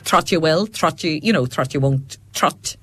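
A woman's voice: deep voice, normal speed, slight background noise. Chatty woman with a Fermanagh accent. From Fermanagh, Northern Ireland. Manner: chatty storyteller, laughs often, quotes family. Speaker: radio guest commentator. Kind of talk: casual chat. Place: radio studio.

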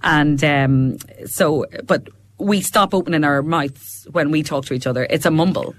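A woman's voice: low voice, normal speed, no echo. A Northern Irish woman from Fermanagh, a regular guest on a radio show, chatting and telling anecdotes with lots of laughter. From Fermanagh, Northern Ireland. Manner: chatty, animated, laughs often, tells anecdotes. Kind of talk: casual radio chat.

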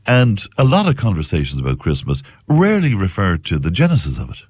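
Male radio host, very deep voice, wide-ranging pitch, wry, dry close sound. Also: huge pitch swings, fast talker, darkish tone, husky, dry recording. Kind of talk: casual chat.

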